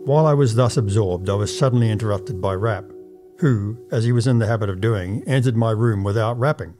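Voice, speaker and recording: Mellow male audiobook narrator. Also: lowish voice, faint music behind. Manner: measured, formal storytelling in first person.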